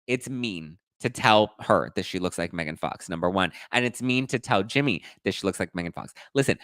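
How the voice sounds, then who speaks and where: A sassy male podcast host dishing pop-culture gossip, his pitch leaping up and down as he acts out quotes in voices. His voice sits on the low side, and the close, dry sound has no room echo at all. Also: a bit bright, clean tone. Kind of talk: casual gossip commentary.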